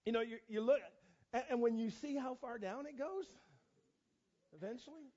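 A middle-aged man preaches in a high, lively voice, jumping in with fillers and restarts as he tells stories against himself. The sound is dull and lo-fi. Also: moderate pace. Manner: animated, self-mocking, lots of restarts and fillers. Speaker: pastor. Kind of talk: storytelling sermon. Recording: dull lo-fi recording.

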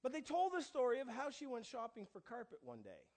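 A male pastor preaching a sermon in church, alternating quiet asides with loud, emphatic declarations. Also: very high voice, huge pitch swings, brisk. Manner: swings between hushed asides and loud emphatic proclamations.

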